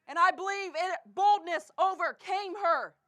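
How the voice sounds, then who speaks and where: A woman with a Canadian accent preaching a sermon in a church, swinging between impassioned shouting and a hushed, low delivery. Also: unhurried. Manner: impassioned preaching, often shouting, then dropping to a hush. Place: church sanctuary.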